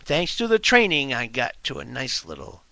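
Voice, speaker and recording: A man rants to his webcam at home in a slow, gravelly, forceful voice. His pitch swings widely as he fires off scornful rhetorical questions. The sound is dry and close. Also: big pitch swings, no room sound. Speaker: video blogger. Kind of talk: ranting monologue to camera. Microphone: webcam mic.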